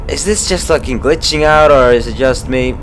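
A young man playing a horror game, swearing constantly, panicking and yelling at enemies, then muttering nervously. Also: medium pitch, moderate pace, slight background noise. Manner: profane, jumpy, yelling in panic. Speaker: let's play gamer.

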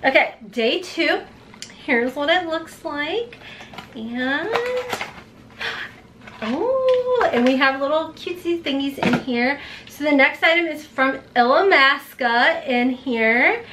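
A woman in her forties unboxing beauty products in a vlog, gushing and gasping with excitement. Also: high voice, slow, background noise. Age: 40s. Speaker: beauty vlogger.

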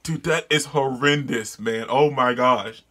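A man reading a comic aloud and reacting with excited, disgusted exclamations and yelling. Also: mid-range voice, a little slow. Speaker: manga reader and reviewer.

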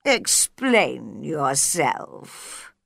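A woman voicing a slow, sleepy and unfriendly male caterpillar in a storybook reading, drawling out curt questions. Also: low voice, sing-song, vocal fry, a bit bright, no room sound, studio quality, pitched below the performer's own voice, full character voice.

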